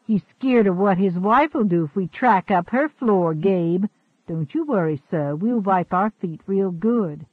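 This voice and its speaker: A man's voice: sits high, a little slow, husky, dry recording, narrow, tinny audio. A man playing a gaunt, sneering slave catcher with a mocking, menacing way of talking.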